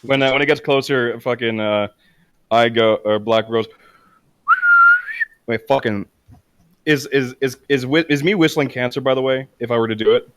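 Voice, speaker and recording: A man's voice: mid-range voice, moderate pace, long pauses, clear, resonant tone. Swearing male tabletop player. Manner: swears constantly, rambling. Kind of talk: casual tabletop play.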